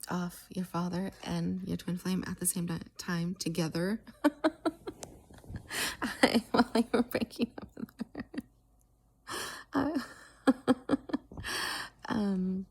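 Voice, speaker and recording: A woman telling a long story casually, often dropping into a soft whisper and pausing with halting fillers. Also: lowish voice, vocal fry, husky.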